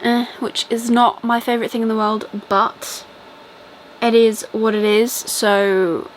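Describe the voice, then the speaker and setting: A woman's voice: a little high, flat delivery, measured pace, slight background noise, rough recording. A young British woman with a British accent chatting casually through a reading update, rambling with lots of ums and likes. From Britain. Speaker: book vlogger.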